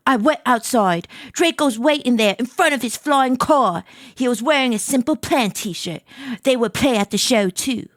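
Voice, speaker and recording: A woman's voice: fairly high pitch, animated, a little slow, dry recording, clean studio sound. A woman reading a gloomy goth teenage girl's story aloud in a put-on British accent, theatrical and self-mocking. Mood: dramatic reading. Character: gloomy goth teenage girl narrating her day.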